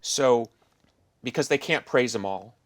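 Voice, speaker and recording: A middle-aged man hosts a podcast, chatting casually with a guest in a thoughtful, rambling, musing way. His voice is medium-pitched and his pace is unhurried.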